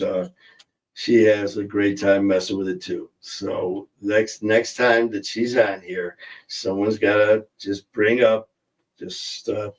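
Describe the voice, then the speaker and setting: A man's voice: fairly low pitch, recorded from a distance, low-quality recording. A man hosting a casual livestream, joking and rambling as he reads out viewer comments. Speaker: livestream host. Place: in a car.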